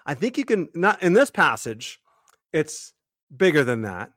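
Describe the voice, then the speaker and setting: A man's voice: fairly high pitch, very animated, measured pace, a bit bright, no room sound, studio quality. A man co-hosting a casual scholarly Bible discussion, walking through the Greek text step by step and often restarting his sentences. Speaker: co-host, Bible teacher.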